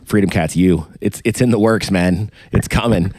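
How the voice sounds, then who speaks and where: A man hosting a podcast, chatting casually and joking as he reads through sponsor shout-outs. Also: low voice, moderate pace, slight background noise. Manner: rambling, joking, hypes sponsors. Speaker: podcast host.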